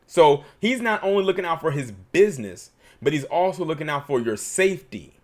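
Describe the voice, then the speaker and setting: A man's voice: a little high, animated, fairly quick. A man hosting a livestream, giving emphatic, opinionated commentary and reading super chats.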